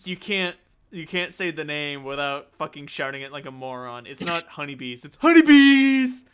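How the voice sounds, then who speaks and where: Game master, a man with a somewhat high voice, excitable and profane in casual chat. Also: normal speed, a crowd in the background. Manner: excitable, swears, shouts for emphasis.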